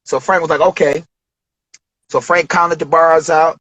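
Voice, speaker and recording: A man telling a studio story as an interview guest, animated, acting out quotes with big jumps in pitch. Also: measured pace. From Detroit.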